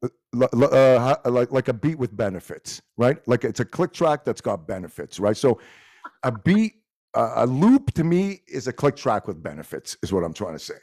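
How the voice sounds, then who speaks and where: A middle-aged man with a Montreal accent whose first language is French, talking in a casual chat, animated and swearing freely. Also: mid-range voice, moderate pace. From Montreal, Quebec. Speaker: guest musician.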